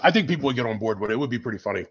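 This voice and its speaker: A man's voice: mid-range voice, expressive, racing, fairly bright tone, husky, highs cut off. A man chatting casually with a joking, bantering manner over a call. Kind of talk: casual chat.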